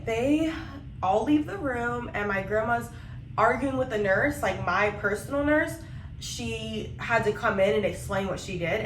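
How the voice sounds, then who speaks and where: A woman's voice: medium pitch, recorded from a distance, background noise. A young woman vlogger telling a personal story in a rambling, emotional way, with lots of fillers and restarts. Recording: echoey room, voice off-mic.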